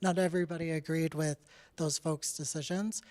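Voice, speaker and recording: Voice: medium pitch, fairly even intonation, moderate pace, a little mellow. A young adult artist from Canada giving a casual presentation about their own work, talking candidly with many "like" and "uh" fillers and laughing now and then. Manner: candid and chatty, with frequent "like" and "uh" fillers.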